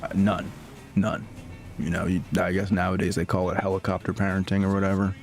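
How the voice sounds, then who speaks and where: Laid-back male streamer, deep creaky voice, rambling, filler-heavy storytelling. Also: completely flat delivery, brisk, soft background music. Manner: rambling, heavy use of filler words, laughs often. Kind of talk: casual storytelling chat.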